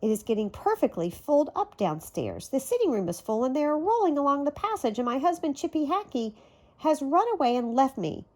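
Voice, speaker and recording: A woman's voice: sits high, sing-song, a little fast, a little mellow, voice pushed up. Woman doing a flustered little chipmunk housewife. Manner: raised, flustered complaining. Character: fussy female chipmunk housewife.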